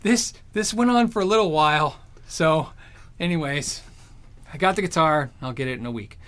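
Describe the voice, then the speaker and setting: A man with a high, bright voice chats casually to his viewers. He rambles through anecdotes with animated energy, speaking as a streamer. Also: normal speed, clean tone. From Arizona. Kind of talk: casual storytelling chat.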